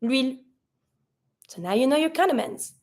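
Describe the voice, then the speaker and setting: A woman with a French Canadian accent teaching French pronunciation, spelling out sounds and slowing down for each model word. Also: on the high side, animated. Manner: patient, spells out sounds, slows down for model words. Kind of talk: pronunciation lesson.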